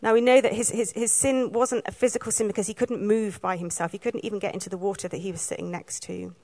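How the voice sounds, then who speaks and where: A woman from Wales giving a sermon, telling the story in a lively way and acting out the lines she quotes. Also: medium pitch, fast talker. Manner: lively storytelling, acts out quoted lines, laughs now and then. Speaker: preacher.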